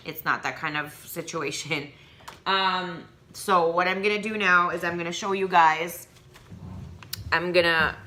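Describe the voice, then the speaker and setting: Chatty young mom, bright voice. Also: female voice, fairly low pitch, a little hiss or hum. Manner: chatty, rambling with many ums and likes. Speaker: vlogger. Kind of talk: casual haul vlog.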